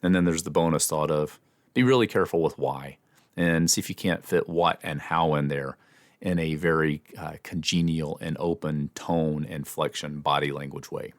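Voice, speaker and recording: A man hosting an instructional podcast, explaining in a measured way with small restarts. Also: rumbling low, no room sound. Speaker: podcast host and communication trainer.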